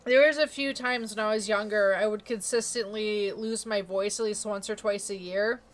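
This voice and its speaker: A woman's voice: medium pitch, steady tone, normal speed, faint music behind. A young woman streamer chatting casually, laughing often and filling her talk with "like" and "um". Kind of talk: casual chat.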